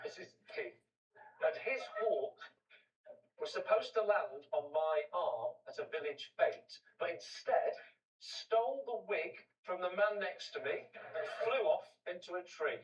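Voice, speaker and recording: A man's voice: sits high, very animated, unhurried, roomy sound, distant mic, highs cut off, slight background noise. A man on a comedy panel, playful and goading as he tells a story. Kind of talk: comic storytelling on a panel show.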